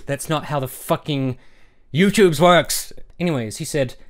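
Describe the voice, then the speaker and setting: A man's voice: fairly high pitch, a little slow. A man ranting on a vlog in an angry, sarcastic, heavily profane way. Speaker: YouTuber.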